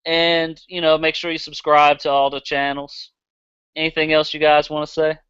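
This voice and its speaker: A man's voice: on the high side, monotone, moderate pace, a bit bright, clear, resonant tone, no echo, dull audio. A man with a Southern accent hosting a casual podcast, blunt and profane, laughing easily. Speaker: podcast host.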